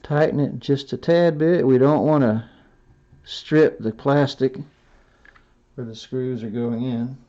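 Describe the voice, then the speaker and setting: A man walks through a robot build step by step in a slow, mellow voice, chatting to himself and correcting his course as he goes. The recording sounds dull and lo-fi, with little top end. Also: medium pitch. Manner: folksy, self-talking, stops and corrects himself. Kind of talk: hands-on build tutorial narration.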